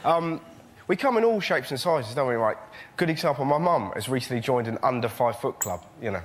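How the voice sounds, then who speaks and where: A young man doing stand-up on a panel show, excitable, jumping into shrill shouted impressions. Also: a little fast. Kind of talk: stand-up comedy routine. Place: television studio with a live audience. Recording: noisy studio broadcast recording. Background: audience laughter.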